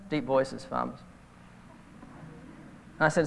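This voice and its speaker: A man preaches with a high, bright voice, retelling phone conversations with lively energy. His talk rings in the long reverb of a hall, as on an old videotape. It is a sermon with anecdotes. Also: brisk, gravelly. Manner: storytelling, animated retelling of phone calls. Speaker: evangelist preacher.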